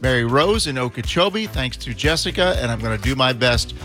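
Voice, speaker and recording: A man's voice: mid-range voice, lively intonation, brisk, fairly bright tone, faint music behind. Friendly male radio co-host. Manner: friendly, jokey banter. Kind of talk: radio fundraiser chat.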